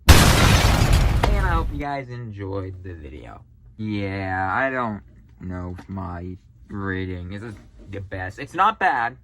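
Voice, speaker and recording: A tired man with a fairly low voice gives casual reaction commentary, hesitant and full of fillers, sighing as he trails off. Faint room ambience sits behind him. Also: lively intonation, takes it slowly, long pauses, a little hiss or hum. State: tired, yawning. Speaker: reaction video host.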